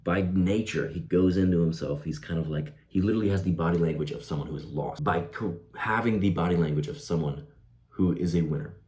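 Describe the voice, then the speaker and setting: A man's voice: deep voice, fairly quick, darkish tone. A young man giving casual self-improvement advice in a laid-back way, dropping "bro" and "like" as he talks. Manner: laid-back, says "bro" and "like", laughs easily. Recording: roomy echo.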